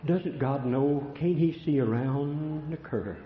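An older man preaching a sermon, telling folksy stories and swinging between hushed and loud lines. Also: fairly high pitch, takes it slowly. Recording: echoey room, dull lo-fi sound.

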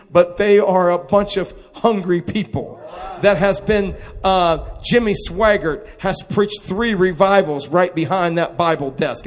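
A man preaching a testimony sermon, moving between quiet storytelling and shouted exclamations. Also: sits high. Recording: long hall reverb.

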